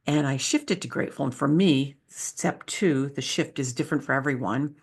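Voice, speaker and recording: A woman's voice: sits low, expressive, a little slow, husky. A woman who is a leadership speaker and author, giving an enthusiastic, conversational presentation with slides.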